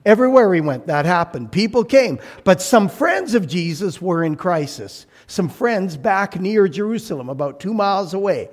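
A man preaching a sermon as pastor, animated, acting out voices and shouting for emphasis. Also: sits high, moderate pace, few pauses.

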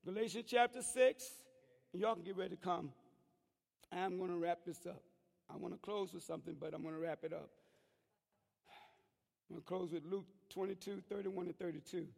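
A man's voice: sits high, steady tone, a little fast, creaky, long pauses, a little mellow. A middle-aged man preaching a fervent sermon in church, calling out to the congregation. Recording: long church reverb.

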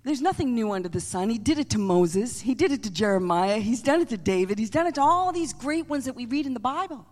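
A middle-aged woman giving a preached testimony, animated, moving between emphatic lines and hushed ones. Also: a little high, quick pace, few pauses. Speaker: church staff member giving testimony. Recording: long reverb of a large hall.

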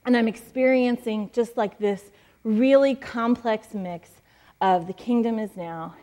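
A woman's voice: on the high side, unhurried, dark tone. A woman in her forties giving a sermon as a pastor, telling stories in a chatty way with many fillers. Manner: chatty, storytelling, frequent fillers and laughs. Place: church stage.

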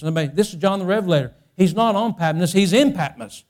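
A man pastor preaching a sermon, often repeating and restarting phrases and climbing to loud, impassioned peaks. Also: sits high, lively intonation, brisk, few pauses.

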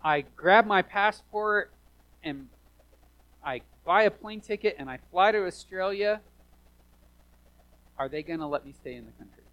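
A man preaching a sermon as pastor, animated, swinging from hushed asides to loud emphatic lines, in a church. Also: high-pitched, measured pace, pauses often, highs cut off.

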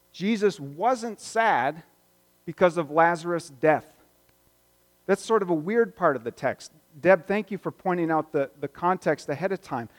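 Male pastor, sermon delivery, somewhat higher voice, conversational with quiet reflective dips, big reverberant sanctuary. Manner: conversational, reflective, swings between loud and hushed. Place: church sanctuary. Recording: long reverb of a church hall.

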